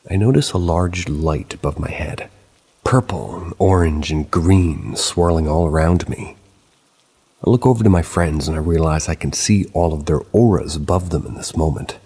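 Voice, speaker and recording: A man calmly narrating a true paranormal story in a steady storytelling manner. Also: deep voice, creaky, breathy edge. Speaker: narrator of submitted paranormal stories.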